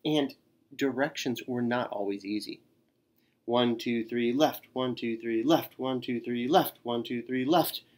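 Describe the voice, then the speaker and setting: Male storyteller for a kids' read-aloud, slow and expressive, mid-range voice. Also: mid-range voice. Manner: expressive, with gasps and sighs. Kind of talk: children's picture book read-aloud.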